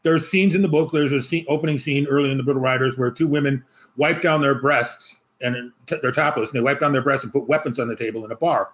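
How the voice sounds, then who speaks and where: A man's voice: medium pitch, fast talker. A man talking as an author guest in a casual interview, rambling and joking with many restarts. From Chicago.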